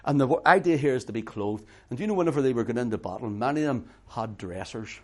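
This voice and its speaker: A middle-aged man preaching a sermon, swinging between hushed intimate talk and loud emphatic preaching, repeating words for emphasis. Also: medium pitch, expressive, fast talker.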